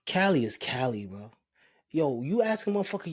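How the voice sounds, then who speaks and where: A man's voice: fairly high pitch, brisk, breathy edge. A man from Brooklyn with a New York accent, co-hosting a podcast in loose banter, acting out voices as he tells stories. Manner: animated storytelling, acts out voices; swears freely. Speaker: podcast co-host. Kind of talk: casual banter.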